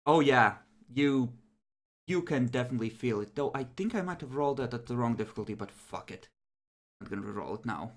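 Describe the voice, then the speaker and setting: A game master narrating a tabletop horror game casually, breaking into laughter between rulings. The voice swoops up and down with lively pitch. The delivery is loose and conversational. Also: fairly quick.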